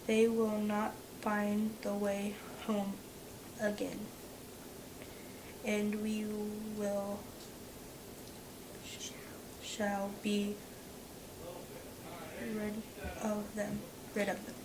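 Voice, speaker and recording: A woman reading the part of a harsh, scheming stepmother in a slow, halting, quiet voice. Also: mid-range voice, monotone, noisy background. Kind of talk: read-aloud story role.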